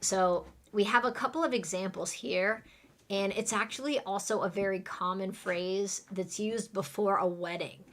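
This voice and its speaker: A woman's voice: medium pitch, moderate pace. A woman teaches English vocabulary in a live online class. She explains each word in plain, everyday terms and then leads her students through repeat-after-me drills.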